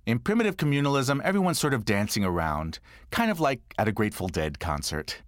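A man performing a comic autobiographical monologue, telling stories with lively energy and deadpan asides. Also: medium pitch, fairly quick, no room sound, studio quality. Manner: animated storytelling with deadpan asides. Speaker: comedic monologuist.

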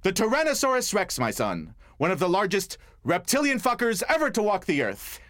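A man voicing his hot-tempered, grandiose middle-aged father in a comedic storytelling monologue, booming and profane. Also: huge pitch swings, fairly quick, fairly bright tone, no room sound, studio quality, heavily acted.

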